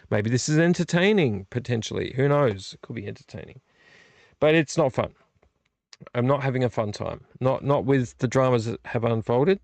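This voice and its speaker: In a room housing his home movie collection, a vlog host with a medium-pitched, slightly mellow voice and some vocal fry talks late at night. He sounds frustrated and weary, casually rambling at his own expense with frequent restarts, and there's no echo.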